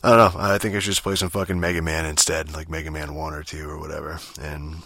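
A low-pitched man with a bright, forceful edge to his voice, hosting his podcast alone. He rambles and swears constantly, restarting his sentences, and sounds dry and close to the mic. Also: little pitch movement, fast, no room sound. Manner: rambling, profane, full of fillers and restarts. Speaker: podcast host. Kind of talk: casual solo podcast rant.

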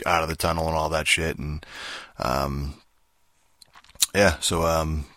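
Young male host, very deep voice, dry close sound, profane rambling frustrated gamer rant. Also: level tone, slow pace, pushed and bright, no echo. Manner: profane, rambling, frustrated, heavy filler words. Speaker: podcast host. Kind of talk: casual ranting game review.

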